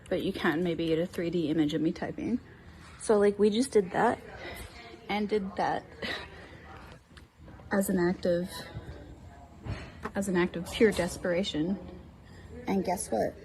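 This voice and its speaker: Woman, casual talk, urgent and repetitive delivery, lowish voice. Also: steady tone, measured pace, long pauses, a little mellow. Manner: urgent, repeats herself, many fillers. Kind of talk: casual chat.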